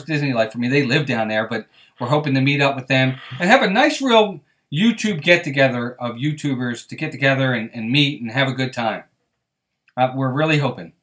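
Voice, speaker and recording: A man's voice: a little high, a bit bright. Chatty man hosting a live stream. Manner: chatty, greets viewers by name as he reads the live chat; friendly, reassuring tone with viewers. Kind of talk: casual live-stream chat.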